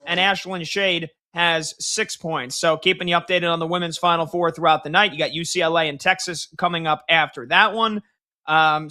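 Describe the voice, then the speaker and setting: Bright high-voiced man hosting sports radio. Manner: brisk score-update delivery, casual asides. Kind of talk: sports radio update and host chat.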